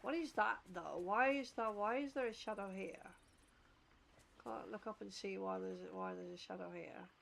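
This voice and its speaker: A woman's voice: medium pitch, normal speed, gravelly, slight background noise. A middle-aged woman streaming a game, rambling casually, swearing and reading game text aloud. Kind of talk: casual gameplay commentary.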